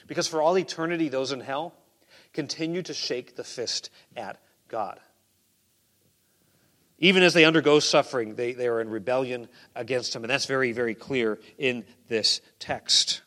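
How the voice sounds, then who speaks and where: A man preaching a sermon in a conversational way, dropping to quiet asides and rising to loud emphasis. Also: medium pitch, moderate pace. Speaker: pastor.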